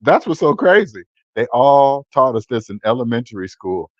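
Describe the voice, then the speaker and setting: Hosting his personal finance channel, a man in his fifties delivers a casual monologue like a livestream, blunt and preachy, repeating words for emphasis. He sounds very animated at a normal speed with a medium pitch. There's no echo, and the sound is lo-fi.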